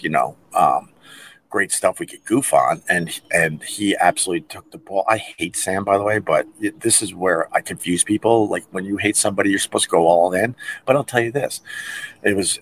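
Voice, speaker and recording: A middle-aged man hosting a podcast, telling stories in a casual livestream chat and acting out whispered and loud impressions. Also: low-pitched, slight background noise. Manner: animated storyteller who acts out whispered and loud impressions. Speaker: podcast host.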